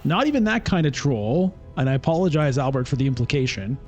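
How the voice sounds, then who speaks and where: A man's voice: mid-range voice, animated, a little fast, a little mellow, dull audio, soft background music. Chatty man streaming a board game. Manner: thinks aloud, chatty, self-mocking. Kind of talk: casual gameplay commentary.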